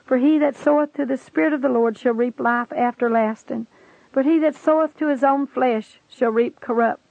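A woman voicing Jesus as a solemn male judge, speaking in grave, measured pronouncements. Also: sits high, gravelly, a little mellow, no echo. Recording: dry, tinny phone-like sound.

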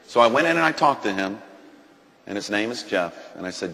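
A man, a doctor, telling a dramatic story on a Christian TV talk show, swinging from hushed lines to loud excited bursts. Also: lowish voice, fairly quick, vocal fry, big-room sound, rough recording. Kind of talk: animated storytelling.

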